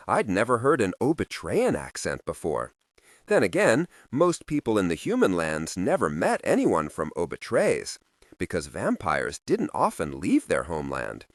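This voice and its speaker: A man narrates an audiobook in a low, unhurried voice. His pitch rises and falls dramatically as he tells the story. The sound is dry and close to the mic. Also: no room sound. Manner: slow, expressive storytelling.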